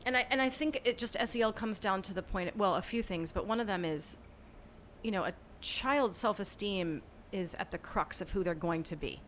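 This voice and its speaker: A woman's voice: mid-range voice, normal speed, slight background noise. A middle-aged woman teacher talking as a podcast guest. She speaks earnestly, acts out things she says to her students, and restarts her sentences often. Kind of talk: casual interview chat.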